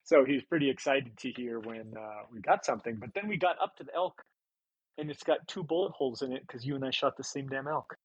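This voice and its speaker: A man, a podcast guest, calmly recalling a hunting memory in casual conversation. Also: medium pitch, a little fast, slightly rough, dry recording, highs cut off.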